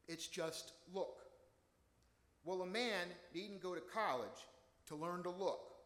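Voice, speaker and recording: A man's voice: on the high side, a bit bright, full character voice. Man acting out an old unschooled country deacon, raised and emphatic, rustic phrasing, echoey hall. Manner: rustic dialect, emphatic repetition. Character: unschooled older male country deacon, fervent preacher. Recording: echoey hall with long reverb.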